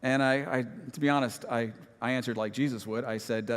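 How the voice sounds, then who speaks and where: Joking pastor in a reverberant church. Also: male voice, medium pitch, steady tone, brisk, hardly any pauses. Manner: conversational and self-deprecating, with humorous asides. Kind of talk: sermon with personal story. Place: church sanctuary.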